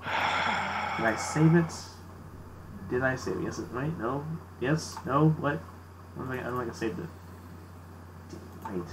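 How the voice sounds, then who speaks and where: A man's voice: mid-range voice, a little slow, creaky, long pauses, noisy background. A man narrating as game master, casual and full of fillers, chatting between scenes. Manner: casual, filler-heavy, laughs easily.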